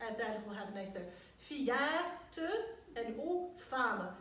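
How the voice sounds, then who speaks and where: A woman's voice: medium pitch, animated, normal speed, fairly bright tone, distant mic. A woman voice teacher giving a master class, coaching diction in a chatty way with frequent laughter. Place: voice studio. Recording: echoey room, recorded from afar, faint noise.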